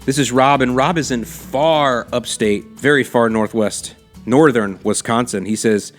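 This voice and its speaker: A man hosts a lawn care podcast, talking through listener questions in a relaxed, chatty way. His voice sits at an ordinary middle pitch, and he mixes slangy asides in with practical advice. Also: moderate pace, soft background music. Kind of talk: casual explanatory podcast talk. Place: lives in South Florida.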